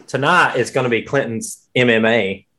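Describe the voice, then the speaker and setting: A man's voice: medium pitch, moderate pace, bright, forceful tone, a little hiss or hum. A man co-hosting a casual podcast, joking and playful. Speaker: podcast co-host. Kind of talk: casual chat.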